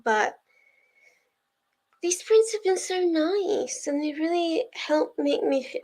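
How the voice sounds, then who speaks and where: Chatting casually to a live audience, a young woman who hosts reading sprints laughs frequently and gets teary. Her very high voice has a dark tone and is animated yet slow, captured on a rough recording.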